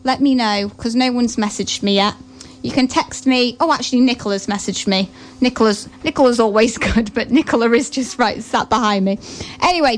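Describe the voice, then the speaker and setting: A young woman presenting on the radio, chatting casually and a bit flustered, often laughing at herself. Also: fairly high pitch. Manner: chatty, giggly, self-deprecating.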